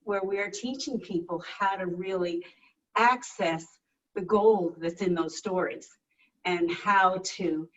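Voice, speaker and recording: A woman's voice: lowish voice, takes it slowly, fairly bright tone. A woman chatting enthusiastically on a group video call, often restarting her sentences. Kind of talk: casual chat. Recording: distant, dull video-call audio.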